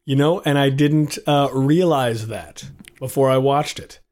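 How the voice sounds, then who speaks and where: Male co-host, hoarse from a cold, relaxed chatter. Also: mid-range voice, unhurried. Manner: relaxed, rambling. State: hoarse, sick with a cough. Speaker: podcast co-host. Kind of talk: casual chat about movies.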